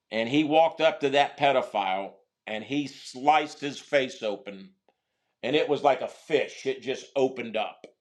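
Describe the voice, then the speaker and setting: A middle-aged man, a guest on an interview show, telling a long prison story in a halting, rambling way with many restarts. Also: mid-range voice.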